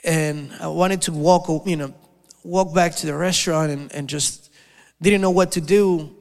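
A man preaching a sermon, telling a story with many halting restarts and repeated words. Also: a little high, steady tone, creaky, big-room sound.

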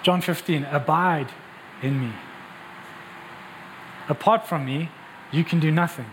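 In a large church hall, a man with a fairly high voice preaches a sermon, driving his points home with rhetorical questions and quick restarts. His words ring out with a long reverb over faint ambience and slight background noise.

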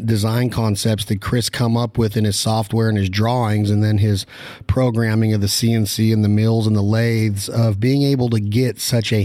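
Low, mellow-voiced male podcast host. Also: dry recording, clean studio sound. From Nevada. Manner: joking, teasing, rapid banter. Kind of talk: casual podcast chat and sponsor reads.

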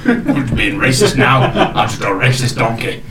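A man's voice: mid-range voice, big pitch swings, a little slow, reverberant, recorded from a distance, noisy background, pitched below the performer's own voice. A man doing a cocky, swaggering donkey. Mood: brash. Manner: swaggering, calls people boy. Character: brash male talking donkey, aggressive and cocky.

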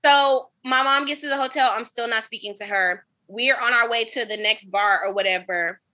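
A woman with a very bright, fairly high voice, spinning a story for her co-hosts. She talks in a lively, profane and dramatic way, with the feel of casual podcast chat. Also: moderate pace. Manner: animated, profane, dramatic retelling. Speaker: podcast host.

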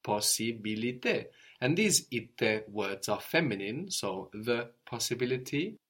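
A man's voice: medium pitch, big pitch swings, a little slow, a bit bright, husky. A man teaching a language lesson, patiently explaining word roots and prompting his student with questions.

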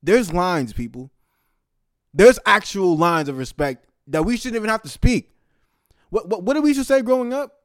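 A young man giving casual, heated commentary, profane and swinging between loud outbursts and low muttered asides. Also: lively intonation, moderate pace, pauses often, dry recording, clean studio sound.

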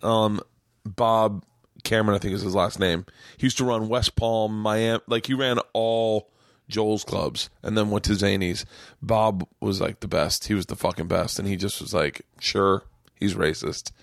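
Profane, animated man telling club stories. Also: lowish voice, normal speed, gravelly, no room sound, studio quality. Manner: profane, animated, acts out quotes in a raised voice. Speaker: podcast host and comedian. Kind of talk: casual storytelling chat. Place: small home studio room.

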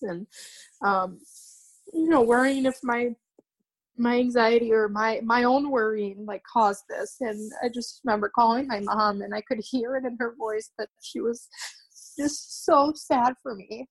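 A young woman, a podcast guest, recounting a painful personal story in a halting way, often repeating herself and restarting sentences. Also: on the high side.

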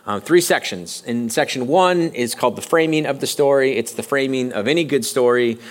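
A male pastor delivers a sermon in a church in a mid-pitched voice. He talks conversationally rather than formally, often halting and restarting his sentences as he works through his thoughts. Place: church sanctuary.

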